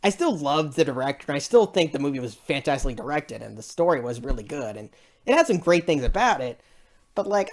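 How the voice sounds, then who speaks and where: A woman's voice: sits low, expressive, quick pace, darkish tone. A woman giving a casual spoken movie review, rambling and exasperated, laughing often between her points.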